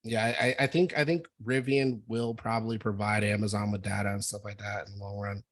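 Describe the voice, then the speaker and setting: A man hosting a casual trading meeting, talking through charts in a relaxed, rambling way with lots of fillers. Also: lowish voice, brisk, dry recording. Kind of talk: casual market discussion.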